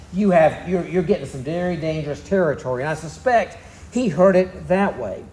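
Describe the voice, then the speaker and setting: Southern pastor, folksy storyteller, pretty high voice, roomy echo all around. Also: male voice, normal speed, mellow. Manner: folksy storytelling, drawling asides. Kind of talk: sermon.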